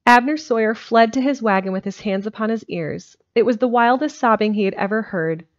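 A woman reading a storybook aloud in a steady, plain way on a home stream. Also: a little high, brisk. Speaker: amateur audiobook reader. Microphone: home streaming microphone. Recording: dull lo-fi home recording.

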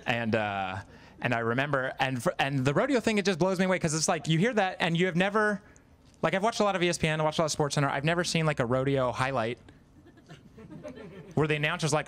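A man's voice: fairly high pitch, fast, fairly bright tone. A man in his thirties doing a stand-up comedy set on stage, conversational and self-deprecating, with lots of fillers. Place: live comedy stage, in front of an audience.

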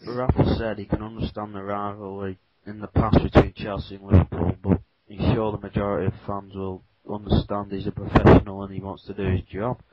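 A man's voice: lowish voice, flat delivery, a little fast, few pauses. A man co-hosting a casual football podcast, making dry mocking remarks. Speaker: podcast co-host. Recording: dull lo-fi mic with faint noise.

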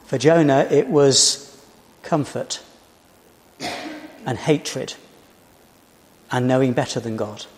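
Slow, measured British preacher. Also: male voice, mid-range voice. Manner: measured, storytelling delivery with rhetorical questions. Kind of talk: sermon. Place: church. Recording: reverberant church hall.

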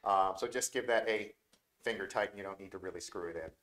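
A man talks through a repair job as he does it, calm and easygoing. He jokes now and then between steps, and his voice sometimes drifts away from the mic while he works. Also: on the low side, fast, roomy sound. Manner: relaxed, joking, talks while working with his hands. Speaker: repair technician demonstrating. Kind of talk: live instructional demo with banter.

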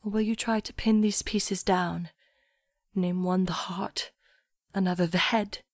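A calm, murmuring young man guides her with soft, near-whispered words, as a woman reads him in a storybook. His delivery is slow and unhurried, and the recording sounds close and dry with no room around it. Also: medium pitch, no echo, close to an everyday voice. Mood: gentle. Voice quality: murmuring, thick unplaced accent. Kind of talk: audiobook story reading.

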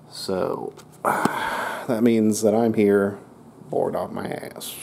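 A man's voice: lowish voice, gravelly, a little mellow. A man co-hosting a casual unboxing vlog, joking around, swearing casually and exaggerating his complaints. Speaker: co-host unboxing a computer. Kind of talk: casual chat. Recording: echoey room with faint noise.

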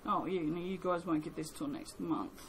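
A woman's voice: on the low side, normal speed, slight background noise, rough recording. An Australian woman chatting casually as she makes soap at home, rambling and joking at her own expense. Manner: rambling, chatty, self-mocking. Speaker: soap maker. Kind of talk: casual vlog chat. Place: home workshop.

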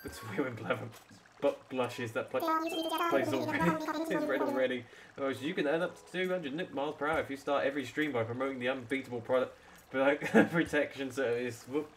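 Chatty male streamer, lively voice. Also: mid-range voice, brisk. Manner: chatty and joking, reacting to chat between lines. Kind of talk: casual live-stream chat over gameplay. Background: loud game music.

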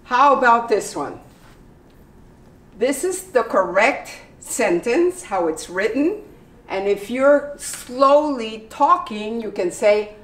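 A woman teaching English pronunciation in a library, repeating example sentences slowly and carefully. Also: fairly high pitch, sing-song. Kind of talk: pronunciation lesson. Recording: echoey room, voice from the mic's distance.

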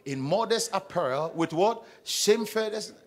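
With a high voice and a slightly slow, animated delivery, a male pastor reads scripture during his church sermon. He preaches call-and-response style, putting questions to the congregation for them to answer.

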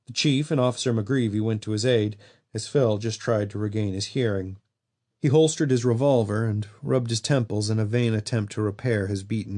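Man, audiobook narrator, lowish voice, steady storytelling. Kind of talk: scripted narration.

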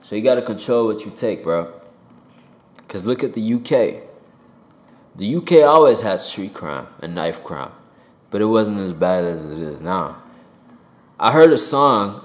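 A rapper giving a heated opinion monologue to camera from a home desk mic, swearing and jumping loud and high for emphasis. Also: male voice, lively intonation, moderate pace, roomy sound. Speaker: rapper and commentator. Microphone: desk mic with pop filter.

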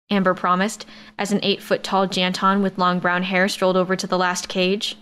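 A woman narrates a first-person science-fiction romance audiobook in a medium-pitched, clean voice. She reads at a moderate pace, steady and even, carrying the action without fuss.

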